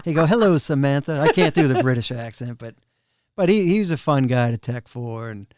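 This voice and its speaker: A man's voice: mid-range voice, animated, fairly quick, background noise. A middle-aged man, a podcast guest telling easygoing, humorous anecdotes. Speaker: guest, drum tech. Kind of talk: casual interview chat.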